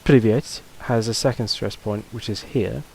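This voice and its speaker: A man's voice: fairly low pitch, a little slow, creaky, a little mellow, husky, poor audio. A man teaching a casual video lesson, talking loosely with fillers and restarts. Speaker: language teacher.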